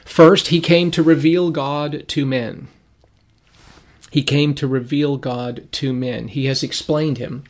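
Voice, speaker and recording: A man's voice: medium pitch, fairly even intonation, slow pace. A man teaching a Bible lesson from his notes, explaining Greek words and repeating key phrases for emphasis. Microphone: reading from notes.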